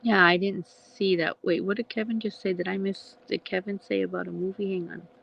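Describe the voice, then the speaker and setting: A woman's voice: mid-range voice, steady tone, a little fast, gravelly. A woman in her forties, hosting a casual live stream chat with viewers, rambling and laughing often. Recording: dull lo-fi dry sound.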